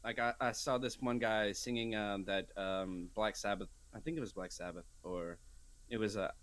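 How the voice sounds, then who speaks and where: A young man co-hosting a podcast rambles through stories in casual chat, speaking at a normal speed in a lowish voice. His storytelling is animated, and he acts out his own quoted lines in put-on voices.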